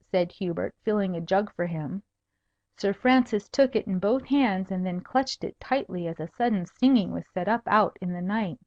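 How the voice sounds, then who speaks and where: A woman reading a humorous old tale aloud as an audiobook narrator, in an even, measured way. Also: mid-range voice, no room sound. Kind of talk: storybook narration. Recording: dull dry recording.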